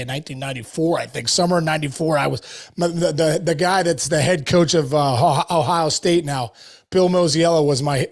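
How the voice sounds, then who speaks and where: A man, a former ballplayer, telling stories on a podcast in a loose, animated way full of "dude" and "like.". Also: a little high, gravelly. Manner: animated storyteller, lots of "dude" and "like". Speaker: guest, former baseball player. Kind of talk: casual storytelling chat.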